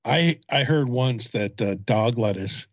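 A man's voice: medium pitch, a little slow, no echo, dull audio. A man co-hosting a casual comedy show, joking crudely and sarcastically. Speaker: podcast co-host.

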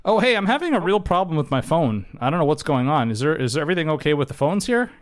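A man's voice: on the high side, sing-song, quick pace. Rambling prank-calling man. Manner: rambling, mock-panicked, makes silly noises. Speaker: prank caller. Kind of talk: prank phone call.

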